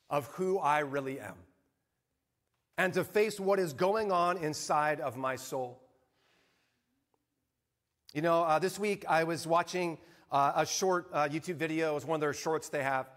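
A middle-aged man preaching a sermon as pastor, earnest, often dropping to soft hushed tones for emphasis. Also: high voice.

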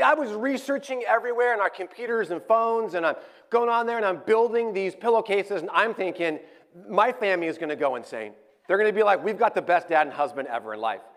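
High-voiced man telling a sermon story. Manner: animated, chatty storyteller who acts out quotes. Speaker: pastor.

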